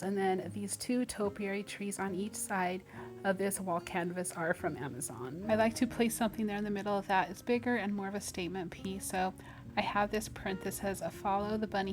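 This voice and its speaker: A woman narrates a casual home tour as a decor vlogger, her voice sitting at an everyday middle pitch. She sounds cheerful and gushing, warmly fond of each piece she points out. Soft music plays faintly under her. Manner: cheerful, gushing, often says she loves things.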